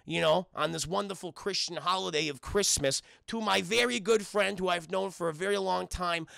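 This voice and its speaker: A man's voice: sits high, vocal fry, bright, forceful tone, no echo, exaggerated voice. Man doing a pushy hustler penguin. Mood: innocent. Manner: fast-talking, pushy sales patter, swearing. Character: shifty male penguin street hustler, pushy.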